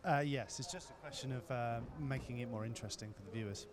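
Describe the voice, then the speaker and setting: A man's voice: medium pitch, fast talker. A man co-hosting a live race broadcast, answering with playful, upbeat quips. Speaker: co-commentator. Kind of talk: live race commentary banter.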